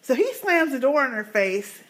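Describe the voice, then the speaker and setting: A woman co-hosting a podcast, chatting casually as she recaps a TV episode and acts out the characters' lines. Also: normal speed. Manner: animated retelling, acting out characters' lines in lowered voices. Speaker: podcast co-host.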